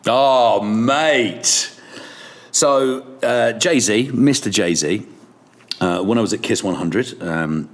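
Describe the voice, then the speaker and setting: A man's voice: lowish voice, drawn-out words. A middle-aged man, a radio presenter and podcast guest, telling casual, self-deprecating stories. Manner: animated, self-deprecating storyteller.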